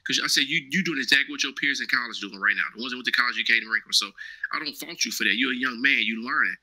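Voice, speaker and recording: Fast, forceful man telling a story. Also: mid-range voice, rough recording. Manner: animated, acts out quoted dialogue, keeps checking in with "right?". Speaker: guest, former Marine staff sergeant. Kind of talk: casual storytelling.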